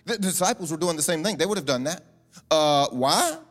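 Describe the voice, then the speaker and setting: A man's voice: high voice, very fast. A man delivering a sermon as a pastor, conversational and humorous, with chatty asides and restarts. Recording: echoing large hall, faint music.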